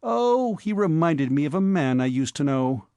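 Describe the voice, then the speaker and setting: An easygoing young gentleman speaks mildly and thoughtfully, as a man voices him for an audiobook. The recording is close and dry. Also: fairly high pitch, very animated, moderate pace, clean tone, no room sound. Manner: mild, thoughtful.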